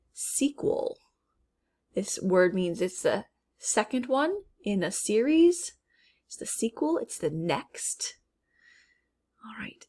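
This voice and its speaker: Unhurried female phonics teacher from Minnesota who models each word slowly and carefully. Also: medium pitch, creaky. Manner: slow, drawn-out word modeling. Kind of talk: phonics lesson.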